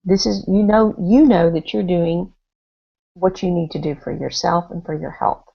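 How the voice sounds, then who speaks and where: A woman's voice: lowish voice, normal speed, gravelly. A woman client on a group coaching call, chatting casually and thinking aloud in a hesitant way. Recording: dull lo-fi call audio.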